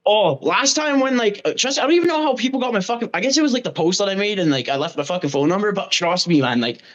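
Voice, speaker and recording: A man's voice: high voice, expressive, quick pace, a bit bright. A man from Canada, a podcast guest, chatting casually in a rambling way, with lots of "like" and plenty of swearing. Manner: rambling, profane, heavy use of "like". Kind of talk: casual chat.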